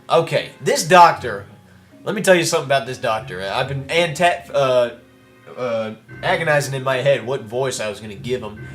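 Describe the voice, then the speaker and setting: A man's voice: medium pitch, lively intonation, normal speed, a bit bright, faint music behind. A man giving casual, rambling let's-play commentary with playful asides while reading game dialogue.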